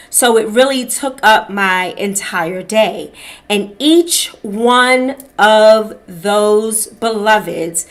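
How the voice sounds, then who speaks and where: Slow, reflective woman podcast host. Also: medium pitch, a bit bright. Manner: slow, reflective storytelling, calling listeners beloved. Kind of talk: personal testimony, casual talk.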